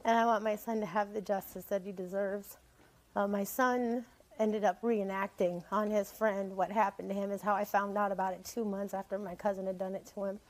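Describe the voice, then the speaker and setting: A woman's voice: medium pitch, flat delivery, fairly quick, rough recording. A woman appearing as a guest on a talk show, telling her story emotionally and rambling, repeating herself.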